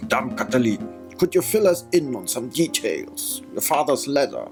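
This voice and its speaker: A man voicing a calm male falcon lawyer in a low, measured, dry way while reading a game aloud. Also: music in the background.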